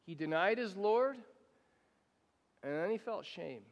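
Pastor, male, high voice, slow deliberate sermon delivery, long hall reverb. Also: expressive, dull audio. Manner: guided prayer, soft and slow, repeating phrases.

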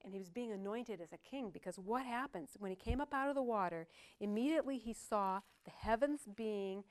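A woman's voice: medium pitch, brisk. Older woman preaching, chatty and joking. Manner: conversational, joking asides to the congregation. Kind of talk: sermon.

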